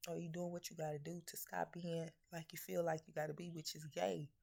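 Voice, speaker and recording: Gravelly, low-voiced scolding woman preacher. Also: level tone, a little fast, mellow. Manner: scolding, profane, confrontational; rhetorical questions. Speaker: spiritual reader. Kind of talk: blunt preaching message to viewers.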